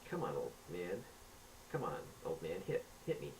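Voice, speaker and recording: A man's voice: sits low, big pitch swings, normal speed, creaky, echoey room, distant mic, heavily acted. A man voicing a gloating, mocking male mutant villain in a homemade taped story, with faint hiss. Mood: taunting. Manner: taunting, mocking.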